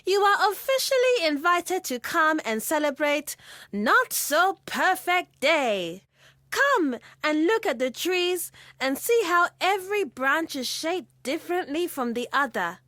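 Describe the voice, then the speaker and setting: Bubbly playful young woman in a storybook, narrator doing her, high voice that bounces all over. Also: very animated, unhurried, no echo, clean studio sound. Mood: exuberant. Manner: playful, exuberant. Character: playful joyful young woman, tribe leader.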